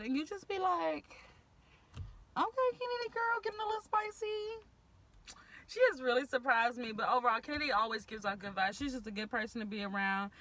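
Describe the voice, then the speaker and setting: A young woman from Houston, Texas, vlogs to the camera, chatting casually and animatedly about her friends with plenty of slang. Her mid-range voice sounds pushed and bright.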